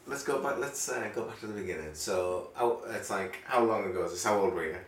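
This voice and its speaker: A man telling a casual story with animated, acted-out voices as a podcast co-host. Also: fairly low pitch, a little fast, far from the mic. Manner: animated, acts out voices in anecdotes. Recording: roomy, off-mic, faint hiss.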